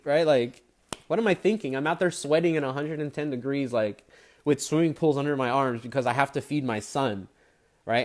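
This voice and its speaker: A man's voice: a little high, a little mellow. Candid, rambling man telling his story. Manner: candid, emotional, rambling with many fillers. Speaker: ecommerce channel host. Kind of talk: personal monologue.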